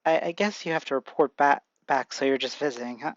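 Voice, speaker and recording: A narrator voicing a loving, tearful mother in an amateur fan-fiction reading, soft and emotional, stumbling and repeating words. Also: medium pitch, brisk, dry recording, lo-fi sound, close to an everyday voice. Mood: gentle. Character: loving, tearful mother welcoming her son home.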